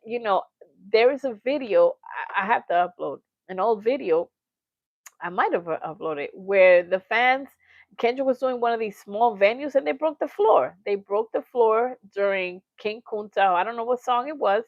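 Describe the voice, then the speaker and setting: A woman's voice: on the high side, no room sound. Chatty woman livestream host, lo-fi. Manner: chatty and animated, laughs often, acts out quotes. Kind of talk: casual livestream chat, reading viewer comments. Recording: dull lo-fi sound, dry.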